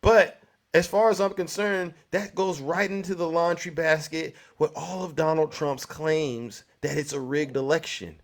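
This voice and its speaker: A man's voice: on the high side, fairly even intonation, a little slow. A man hosting a live call-in show who debates a caller in a pressing, rhetorical way, keeps asking "right?" and cuts in to steer the talk.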